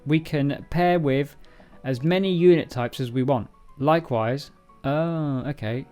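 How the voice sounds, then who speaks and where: A man's voice: a little high, a little slow, a little mellow, clear, resonant tone, faint music behind. A man casually walking through a programming book on a live stream, rambling, joking at himself and stumbling over words. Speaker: livestreamer reading a programming book. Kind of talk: casual live-coding walkthrough.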